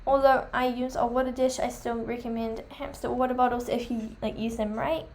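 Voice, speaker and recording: A young woman chatting enthusiastically while reviewing pet products, full of fillers, her voice going hoarse. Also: on the high side, little pitch movement, moderate pace, darkish tone, slight background noise. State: losing her voice. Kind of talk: casual chat.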